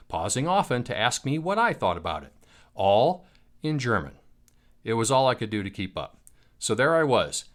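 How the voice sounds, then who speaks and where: A man's voice: medium pitch, a bit bright. Wry American man telling a story. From United States. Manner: wry, self-mocking. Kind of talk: first-person storytelling.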